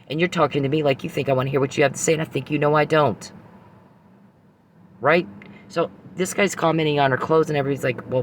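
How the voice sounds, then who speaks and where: Guy ranting on his podcast, swearing a lot, talking right at someone he hates, faint noise behind. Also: mid-range voice. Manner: ranting, profane, addressing an adversary directly. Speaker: podcast host. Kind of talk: angry monologue.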